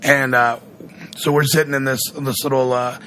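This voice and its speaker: A man's voice: medium pitch, little pitch movement, normal speed, bright, forceful tone, a little hiss or hum. A man, a radio personality, telling a long story in casual chat, rambling and acting out what others said. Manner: rambling, acts out quoted voices.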